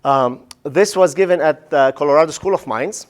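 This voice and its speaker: A male professor giving a casual, animated lecture on public speaking. He often asks "right?" and acts out the listeners' reactions. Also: on the high side, normal speed, few pauses. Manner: casual, says "man" and "right?".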